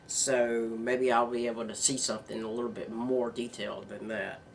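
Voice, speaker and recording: A man's voice: medium pitch, flat delivery, normal speed, gravelly, slight background noise. A man hosting his own news vlog, rambling and earnest with bursts of announcer-style hype. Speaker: show host.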